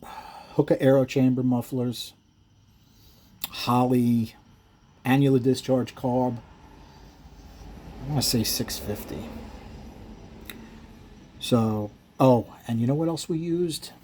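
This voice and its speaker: A man's voice: medium pitch, takes it slowly, pauses often, dark tone, slight background noise. A man who builds engines, explaining his work in casual, rambling shop talk that wanders into stories, with frequent self-corrections and chuckles.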